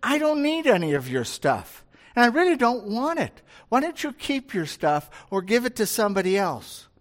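A man's voice: very high-pitched, very animated, normal speed, pitched above the performer's own voice. A man voicing a principled prophet who refuses rewards, in the middle of a sermon. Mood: firm. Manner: firm, dismissive of rewards. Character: unimpressed, principled male prophet.

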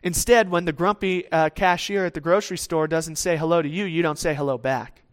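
A man's voice: on the high side, steady tone, fairly quick. A man preaching a sermon in a conversational way, acting out the voices of people he quotes.

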